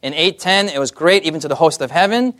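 Man, young adult, preacher, sermon, question-and-answer delivery, fairly high voice. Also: quick pace, fairly bright tone. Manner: asks the audience questions, calls for amens.

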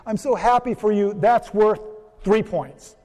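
Jolly Saint Peter at heaven's gate, put on by a male speaker, high and exclaiming, hall reverb. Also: a little slow. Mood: praising. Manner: warm, exclaiming praise.

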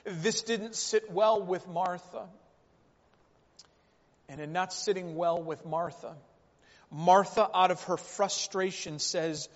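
Male preacher with a high voice, measured sermon delivery, rhetorical questions; long-reverb hall. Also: fairly even intonation. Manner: rhetorical questions and repeated phrases. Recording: reverberant hall, dull lo-fi sound.

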